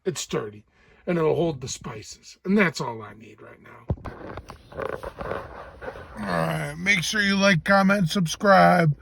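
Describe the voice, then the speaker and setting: A man's voice: high voice, slow, vocal fry, long pauses, background noise. A man filming his own home building project, talking casually, frustrated, swearing and mocking his own work. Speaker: DIY vlogger.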